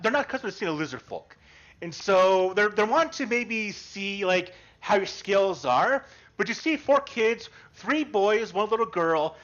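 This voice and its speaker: Male game master, high animated voice, rambling narration, dull lo-fi audio. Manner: rambling, restarts often, asks players what they do.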